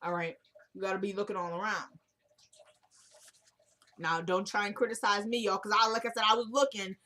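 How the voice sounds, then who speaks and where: A woman's voice: mid-range voice, steady tone, fairly quick, pushed and bright. A woman casually recapping a TV drama episode, opinionated and chatty, acting out characters' lines as she retells the scenes. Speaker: show recap host.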